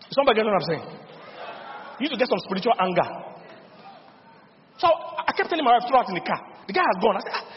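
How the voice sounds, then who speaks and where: Middle-aged Nigerian male pastor, fairly high voice, lively and animated sermon, dull reverberant recording. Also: background noise. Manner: lively storytelling with laughs and call-and-response. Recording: dull lo-fi sound with long hall reverb.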